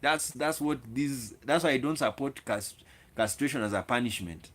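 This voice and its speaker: A man's voice: mid-range voice, normal speed, a bit bright. Man lecturing viewers in a monologue. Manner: lecturing, with repeated words and restarts; addresses viewers directly. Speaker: video host. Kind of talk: opinionated solo monologue.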